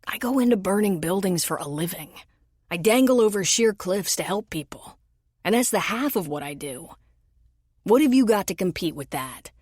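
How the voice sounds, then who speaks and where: A woman narrator voicing a tender, devoted male firefighter in an audiobook, speaking low, gentle and earnest. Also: expressive, moderate pace, slightly rough, dry recording, clean studio sound.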